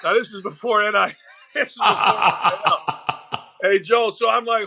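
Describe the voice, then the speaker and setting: A middle-aged man and former coach, telling lively stories in a casual interview and acting out the people he quotes. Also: high voice, a little fast, gravelly. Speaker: podcast guest, former basketball coach and broadcaster. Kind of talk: animated storytelling in a casual interview.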